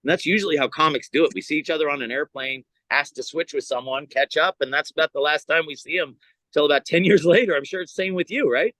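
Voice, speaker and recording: A man's voice: on the high side, fast, no room sound. A male comedian telling stories in casual chat, acting out other people's voices as he goes. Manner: animated, acts out voices in his stories. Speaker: stand-up comedian guest. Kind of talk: casual storytelling.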